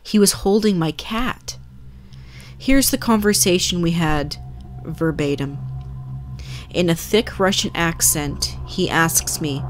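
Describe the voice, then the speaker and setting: A woman reads scary stories aloud in a calm, measured way. Her voice sits low for a woman, with faint music under it. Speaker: narrator. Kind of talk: scripted narration of scary stories.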